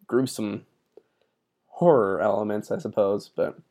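A man's voice: fairly low pitch, darkish tone. A young man hosts a podcast in easy, casual chat. He teases the others and laughs often, keeping things light. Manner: playful, quick to laugh. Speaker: podcast host.

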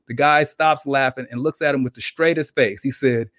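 Animated man telling a story, dry sound. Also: mid-range voice, brisk, hardly any pauses, no echo. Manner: animated storyteller acting out characters. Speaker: podcast co-host. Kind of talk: casual chat, telling a joke story.

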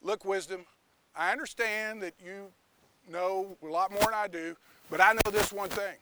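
A man voicing Justice as a stern, powerful male guardian who speaks slowly and insists on the rules. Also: high voice, fairly even intonation, very noisy, voice pushed down, lightly acted. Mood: unyielding. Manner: stern, slow, rule-bound.

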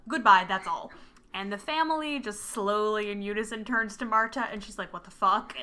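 A woman's voice: medium pitch, fairly quick. A woman in casual chat, retelling a film's plot and acting out the characters' lines. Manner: animated, acts out characters' lines while retelling. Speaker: podcast co-host. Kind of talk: casual film recap chat. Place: home with a cat nearby.

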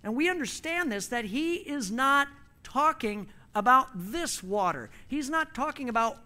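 Male preacher with a high, bright voice, emphatic and storytelling, pausing for his interpreter. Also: lively intonation. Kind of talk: sermon with a live interpreter.

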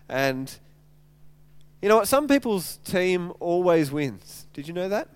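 With a fairly high, clean-toned voice at normal speed, a male pastor tells a scripture story in animated, casual speech. His sermon is full of stumbles and repeated words as he puts the text into everyday language.

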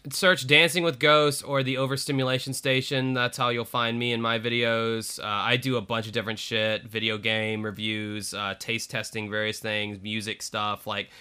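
A male podcast co-host chats casually and pokes fun at himself. His voice is very bright and forward, and it comes across smooth and crisp. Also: medium pitch, flat delivery, normal speed, hardly any pauses. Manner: chatty, self-deprecating. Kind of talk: casual chat.

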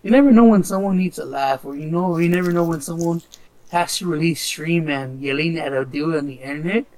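A man in casual chat, telling stories loosely with profanity and quick impressions of others. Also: fairly high pitch, darkish tone.

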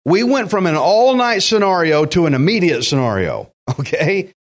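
A man's voice: high voice, very animated, moderate pace. A man preaching a sermon, emphatic and direct, acting out quotes and speaking to listeners as friends. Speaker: pastor.

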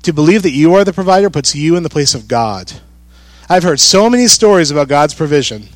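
A pastor preaching a sermon in church, talking conversationally, repeating key phrases and putting questions to the congregation. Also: male voice, fairly high pitch, lively intonation, a little fast, dry recording.

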